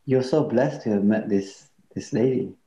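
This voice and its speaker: A man hosting a podcast, talking in a gentle, reflective way in casual interview chat. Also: lowish voice, moderate pace. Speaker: podcast host. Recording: roomy, dull-sounding.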